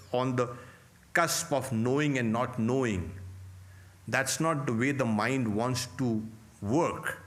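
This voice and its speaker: A man, a monk, giving a lecture on scripture in slow, deliberate phrases with long pauses, asking rhetorical questions and answering them himself. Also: mid-range voice, fairly bright tone. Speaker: monk teaching scripture class.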